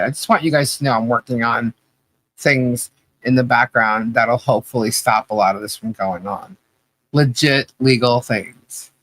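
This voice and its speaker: A man's voice: medium pitch, fairly bright tone. A man co-hosting a casual livestream podcast, laughing often and reading the chat aloud with playful chanting. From not from Australia. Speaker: podcast co-host.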